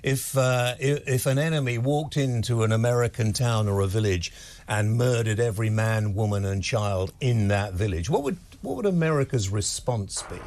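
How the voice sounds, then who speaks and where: A man's voice: medium pitch, moderate pace, darkish tone. A man hosting a TV talk show, blunt, pressing his guest with the same question again and again. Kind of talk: heated TV debate.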